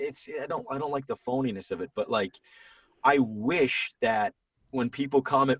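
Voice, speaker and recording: Medium-pitched and brisk, a man in his thirties who does voiceover work talks as a guest on a podcast, rambling with frequent restarts in casual conversation. The sound is dry, a little distant from the mic, with slight background noise.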